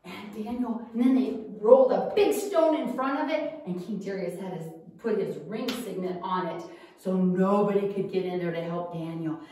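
A woman's voice: mid-range voice, moderate pace, dark tone. A woman teaching a children's Bible school lesson, telling the story animatedly to kids, in an echoey room with the mic far off.

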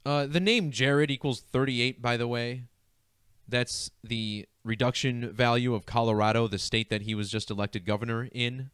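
A man's voice: medium pitch, fairly even intonation, normal speed, a bit bright, smooth, dry recording. Giggly man at a dry desk mic. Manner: giggly, keeps breaking into laughter. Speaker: numerology video host. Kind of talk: casual screen-share commentary.

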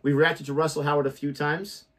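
A man's voice: fairly high pitch, level tone, a little fast. An American man, co-host of a reaction channel and a teacher, chatting casually and joking. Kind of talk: casual chat.

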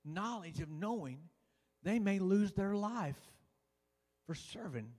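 A man preaching a sermon as pastor in a church, folksy and building to loud preaching with lots of "uh". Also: high voice, animated, slow pace. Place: church sanctuary. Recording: church hall reverb.

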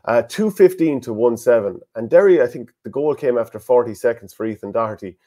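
A man's voice: mid-range voice, expressive, a little fast, warm tone. A man with an Irish accent co-hosting a casual sports podcast, who gives firm opinions and reads out listener comments. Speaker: podcast co-host.

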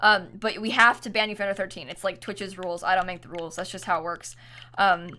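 A young woman streaming a game, with music playing behind her, speaks quickly in a medium-pitched voice with fairly even intonation and a bright, forceful tone. Her live-stream chat is casual and full of giggles, and she sing-songs at her cat.

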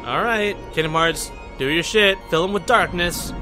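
A young man rambles through his gameplay commentary, cracking jokes and chatting with the characters on screen. His voice sits a touch high, and game music plays clearly behind him. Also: moderate pace. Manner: joking, rambling, talks back to the game characters. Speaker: let's play host.

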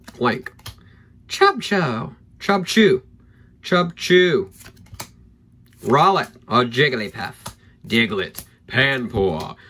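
A man opening trading card packs on camera, excitable and hyped, thinking aloud as he goes and losing his voice. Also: a little high, creaky. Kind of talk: excited pack-opening vlog.

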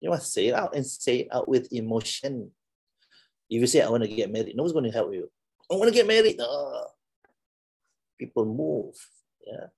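A man's voice: medium pitch, normal speed, vocal fry, long pauses, dark tone, slightly rough. Playful Malaysian lecturer, man. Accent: Malaysian English. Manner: playful, teasing, laughs often. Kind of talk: classroom motivational talk.

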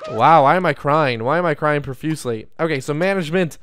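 A chatty young man narrates his gameplay in an upbeat, casual way and keeps turning to his viewers. His voice sits a little high and sounds smooth and clear. The recording is close and dry, with no room sound at all. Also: quick pace, a bit bright, no room sound. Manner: chatty, upbeat, talks to viewers as "you guys". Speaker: gaming YouTuber. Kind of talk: casual Let's Play commentary.

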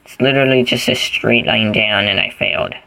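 Male gamer, casual commentary, goofy rambling; low-pitched and gravelly. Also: fairly quick, pushed and bright, dry recording, low-quality recording. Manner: rambling, goofy, thinks aloud while playing. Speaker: gaming channel host.

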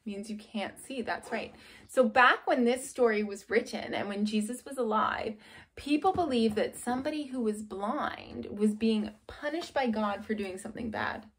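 A woman's voice: a little high, normal speed, husky, low-quality recording. A young adult woman leading a children's church lesson, reading a storybook aloud and asking the kids questions in an upbeat way. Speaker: children's ministry leader.

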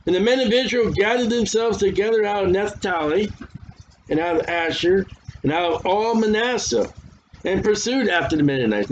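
High-voiced preacher in a sermon. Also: male voice, slight background noise. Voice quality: says his voice is worn. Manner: conversational, stumbles over hard names. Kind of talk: sermon with Bible reading. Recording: dull lo-fi recording.

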